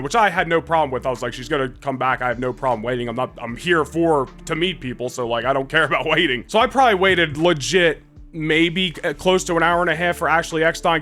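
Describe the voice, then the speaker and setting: A young man in his twenties rattles off a vlog story at a quick clip, in a somewhat high voice. He rambles and restarts constantly, loose and excitable. Faint music plays underneath. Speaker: vlogger. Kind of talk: casual storytelling to camera.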